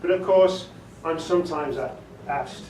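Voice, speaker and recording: Telling jokey stories and taking audience questions in a meeting room, this middle-aged Englishman, a voiceover artist, is chatty and laughs a lot. His voice is fairly high, a little mellow, and a little slow, captured in a roomy, distant recording with background noise.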